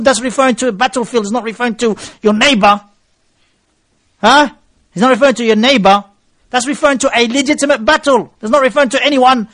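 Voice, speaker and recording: A man's voice: very high voice, dry recording, studio quality. A male preacher, lecturing a gathering and telling stories, with phrases mixed into his English. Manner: mixes Arabic phrases into English, animated storytelling. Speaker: Islamic preacher.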